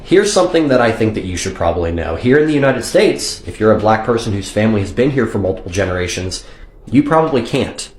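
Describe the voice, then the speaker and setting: A fairly low-voiced man hosting a reaction commentary, sarcastic and profane as he scolds his target. His voice rings in an echoey room. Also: very animated, quick pace. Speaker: reaction video host.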